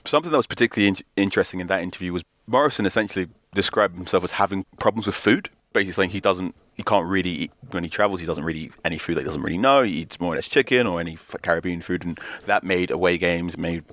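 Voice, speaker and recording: A man rattles through a casual sports chat with jokey, rambling asides. His voice is very deep and he talks fast, recorded dry and close. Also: a bit bright, no room sound. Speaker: podcast co-host.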